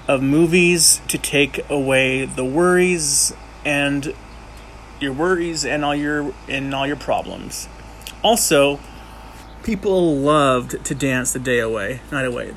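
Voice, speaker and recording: Casual male history explainer, slightly high voice, unhurried and rambling, lots of self-corrections. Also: fairly bright tone, slight background noise. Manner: rambling, jokey, many restarts and self-corrections. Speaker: amateur history presenter.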